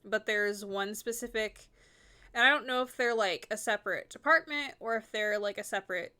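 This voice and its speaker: A woman's voice: mid-range voice, moderate pace, sharp tone, clear, resonant tone. A woman streaming a game, chatting casually and rambling with lots of filler words. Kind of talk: casual chat while gaming.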